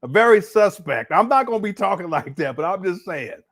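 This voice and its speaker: A man's voice: high voice, expressive, fairly quick, a bit bright. A middle-aged man hosting casual reaction commentary, laughing often and mocking what he plays. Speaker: commentary host.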